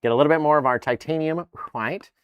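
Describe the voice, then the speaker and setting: A man teaching a live painting tutorial in an upbeat, animated way, often tagging his lines with "right?". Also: fairly high pitch, fast talker, clean tone, dry recording, highs cut off. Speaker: painting instructor.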